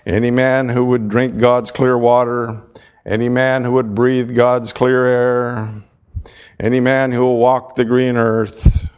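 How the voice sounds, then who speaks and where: A man preaching a sermon with emphatic, deliberate delivery and dramatic pauses. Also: mid-range voice, little pitch movement, a little mellow, clean tone.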